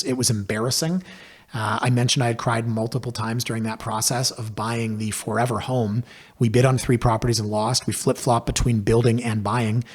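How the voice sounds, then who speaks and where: A man tells his own story on a podcast. His delivery is casual, wry and self-deprecating, and he gets lively as the story goes. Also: mid-range voice. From Canada. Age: 40s. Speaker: podcast host and realtor.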